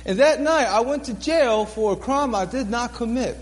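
A man's voice: very high-pitched, moderate pace, big-room sound. A man preaching a sermon, telling his own story earnestly, repeating phrases for emphasis and laughing at himself. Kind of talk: sermon testimony.

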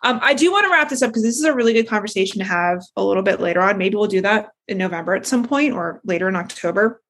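A woman's voice: mid-range voice, lively intonation, fast, hardly any pauses, fairly bright tone, slight background noise. A woman hosting a podcast in casual chat, blunt and profane. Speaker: podcast host.

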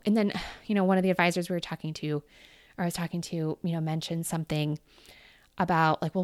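A woman's voice: lowish voice, dry recording, studio quality. Bubbly, chatty woman podcast host. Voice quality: bubbly, gushing, animated with gesturing hands. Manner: chatty, upbeat, lots of fillers like 'you know' and 'like'. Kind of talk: solo podcast monologue. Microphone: podcast microphone.

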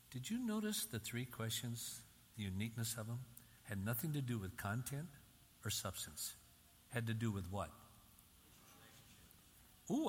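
A man's voice: mid-range voice, slight background noise. An older man from Michigan giving an emphatic sermon-style talk, repeating key phrases with rising intensity. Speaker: Christian speaker. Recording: reverberant hall, faint ambience.

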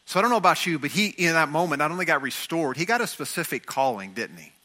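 A man's voice: on the high side, expressive, fast, bright, forceful tone. A man preaching a sermon, acting out the voices of figures from scripture as he goes. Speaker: pastor.

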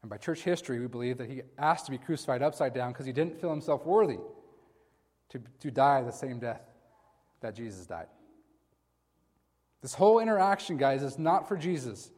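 A man's voice: mid-range voice, animated, normal speed, pauses often, darkish tone. A man preaching a sermon in a conversational way, talking to his listeners as guys. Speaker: pastor. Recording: long hall reverb.

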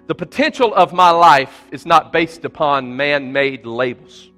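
A man's voice: on the high side, animated, measured pace, bright, forceful tone, soft background music. A man preaching a sermon as a pastor, emphatic and repetitive, his voice climbing when he voices people's pleas. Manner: emphatic preaching with repeated phrases, voice rising in quoted pleas. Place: church sanctuary.

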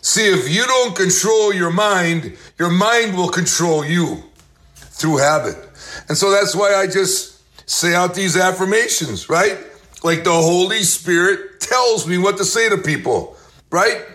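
A man in his late sixties hosting a motivational faith talk, reciting affirmations and telling stories in a slow, emphatic preacherly way. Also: high voice, fairly bright tone. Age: 60s. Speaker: host.

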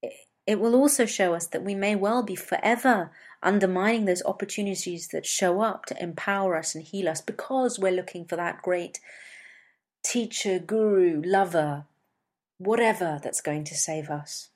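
A woman giving a reflective spiritual talk as a teacher, measured and repeating phrases for emphasis. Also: fairly low pitch, a little mellow.

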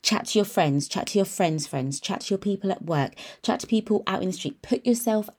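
A woman's voice: mid-range voice, animated, brisk, a little mellow, slightly rough. A woman in her thirties hosting a podcast, speaking in an upbeat, encouraging and emphatic motivational monologue. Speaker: podcast host and nail tech mentor.

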